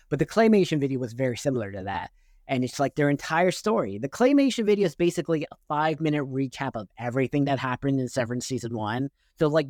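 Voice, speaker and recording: A man's voice: medium pitch, no room sound, studio quality. A young man giving a casual, rambling TV recap as host, blunt and crude, full of fillers like "you know" and "like". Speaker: show host reviewing TV episodes. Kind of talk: casual solo recap and commentary.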